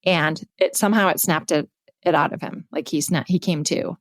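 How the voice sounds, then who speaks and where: A woman's voice: sits low, moderate pace, dry recording, clean studio sound. A woman in her thirties, co-hosting a podcast, candidly retelling a story with casual swearing. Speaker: podcast co-host.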